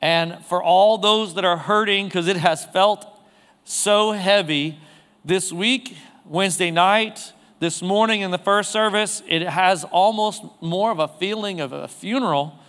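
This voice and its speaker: A pastor with a high, smooth, resonant voice preaches to his congregation. He talks casually and throws questions out to the room. A long reverb trails off the walls of the church. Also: unhurried, a bit bright. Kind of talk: sermon. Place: church sanctuary.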